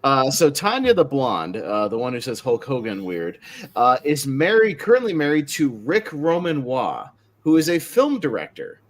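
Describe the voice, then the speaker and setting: A man's voice: mid-range voice, moderate pace. A man hosting a casual wrestling podcast, telling stories with frequent laughter. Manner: laughs often, animated storytelling. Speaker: podcast host. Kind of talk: casual chat.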